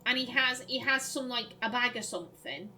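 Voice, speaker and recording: A woman's voice: a little high, a little fast, sharp tone, a little hiss or hum. A woman hosting a puzzle game let's play, reading clues aloud and musing as she works them out, laughing easily.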